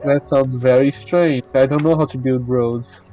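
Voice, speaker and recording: A man's voice: medium pitch, fairly even intonation, moderate pace, mellow, soft background music. Quippy male player, lo-fi sound. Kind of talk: casual tabletop game chat.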